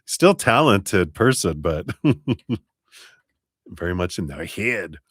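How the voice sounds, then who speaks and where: A man with a very low voice reads tarot cards for viewers on a live stream. He talks in a chatty, easygoing way, laughs often and drags out words for emphasis, and the sound is dry and close. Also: big pitch swings, very slow, husky, dry recording. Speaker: tarot reader.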